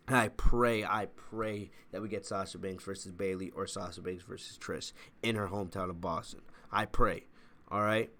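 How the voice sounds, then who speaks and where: A man's voice: fairly low pitch, a bit bright. Man rambling through a wrestling review. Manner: rambling, repeats "all right?". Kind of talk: casual review commentary.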